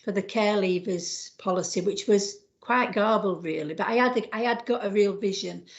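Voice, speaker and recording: A woman's voice: mid-range voice, moderate pace. Female council officer at a board meeting, casual and a bit rambling; dull lo-fi audio. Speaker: council officer presenting a policy. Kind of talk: meeting presentation. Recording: slightly muffled livestream audio.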